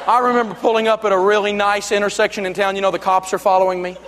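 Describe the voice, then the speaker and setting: A man's voice: sits high, level tone, fast talker, a bit bright, long reverb tail, slight background noise. A man giving a live seminar talk, telling jokey stories in a folksy, emphatic way. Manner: joking storyteller, folksy and emphatic. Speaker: money speaker and radio host.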